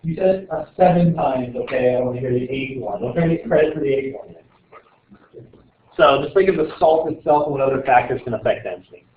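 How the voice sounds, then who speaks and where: A man's voice: mid-range voice, a little fast, slight background noise. A male teacher running a casual exam review, joking and quizzing his students as he rambles. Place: classroom. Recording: echoey classroom on tinny lo-fi audio.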